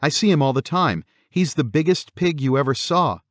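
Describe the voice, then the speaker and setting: A man voicing a frightened little girl in an audiobook, pitching his voice up and speaking insistently. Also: lively intonation, normal speed, no echo, studio quality, close to an everyday voice.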